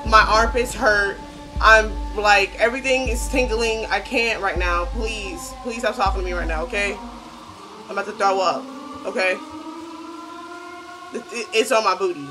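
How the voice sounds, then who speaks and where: Woman streamer, horror let's-play commentary, slangy, panicky repeats, mid-pitched voice, loud game music underneath. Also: steady tone, normal speed, rough recording. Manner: jittery, repeats panicked phrases over and over; casual slangy chatter with viewers. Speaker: gaming channel host.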